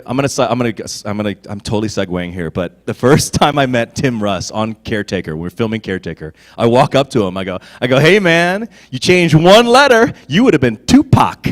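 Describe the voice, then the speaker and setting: Animated man with lively pitch. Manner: animated, laughing, swings from low murmurs to loud bursts. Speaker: convention panel guest actor. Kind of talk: casual storytelling on a fan panel.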